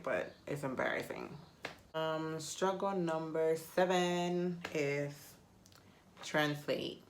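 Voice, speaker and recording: A woman's voice: sits low, slight background noise. A woman whose first language is Spanish, chatting casually to camera and rambling with self-mocking humor. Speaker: vlogger.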